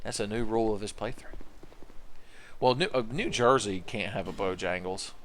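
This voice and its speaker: A man streaming a video game, joking, swearing and shouting out bursts of excitement as he plays. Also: fairly low pitch, moderate pace, a little hiss or hum. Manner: joking, profane, excitable outbursts. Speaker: livestreamer playing a video game. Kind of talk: casual gameplay commentary.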